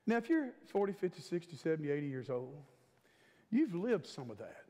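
A man's voice: a little high, sing-song, fairly quick, dark tone. A man in his fifties preaching a sermon as a guest preacher, with an emphatic, repetitive cadence and stretched-out words. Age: 50s. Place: church sanctuary. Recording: long church hall reverb.

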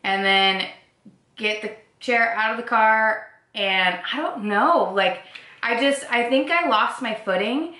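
A young woman chatting as a guest, telling stories in a loose, relaxed way and dropping in filler words. Her voice is bright, and the room carries an echo. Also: fairly high pitch, takes it slowly. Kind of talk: casual chat. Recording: echoey room.

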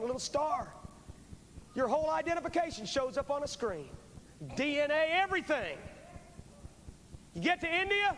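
On a poor VHS tape from a large church, marked by faint hiss and long hall reverb, a man preaches a revival sermon with an altar call. His voice is very high-pitched and a bit bright. As an evangelist he pleads urgently and fervently with the crowd, repeating phrases.

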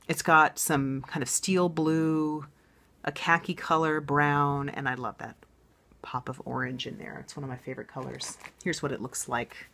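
A woman's voice: low-pitched, fairly bright tone. A woman hosting a knitting podcast, chatting casually and enthusiastically, thinking aloud with plenty of ums and restarts. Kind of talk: casual show-and-tell chat.

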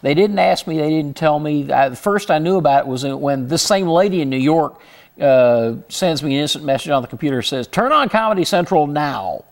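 A man's voice: fairly high pitch, brisk, darkish tone. A man from Houston with a slight Southern twang, a guest telling stories in a casual interview, chuckling between restarts. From Houston, Texas. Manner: chatty storyteller, frequent restarts, chuckling asides.

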